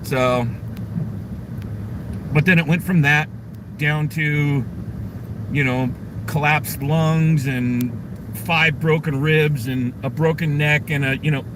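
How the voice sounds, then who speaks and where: A man's voice: on the high side, fairly even intonation, slow pace, long pauses. A man telling a story with lots of swearing, chatting offhand and mocking as he reads his live chat outdoors on a city street. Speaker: live streamer being restreamed. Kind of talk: casual profane storytelling while reading chat. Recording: noisy street audio, restreamed.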